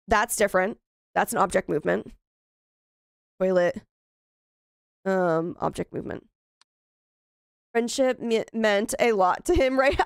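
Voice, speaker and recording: A woman's voice: medium pitch, a little slow, creaky, long pauses, clear, resonant tone, no room sound. Chatty woman streamer, dry close sound. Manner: chatty, exclaims in frustration. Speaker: gaming streamer. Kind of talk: casual let's-play commentary.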